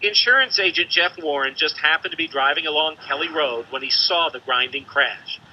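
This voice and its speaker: A male television reporter narrating a news story in a crisp, measured reporting cadence. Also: a little high, slight background noise. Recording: dull broadcast news audio.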